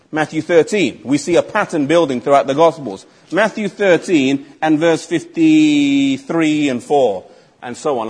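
A man's voice: a little high, a little mellow, breathy edge. A man preaching a sermon, emphatic and asking the congregation rhetorical questions.

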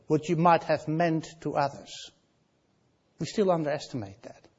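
A man preaching a sermon, emphatic and repeating key phrases, asking the congregation questions and dropping to a hush on key lines. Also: on the high side, husky, highs cut off. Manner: drops to a near hush on key lines, rises loud on others.

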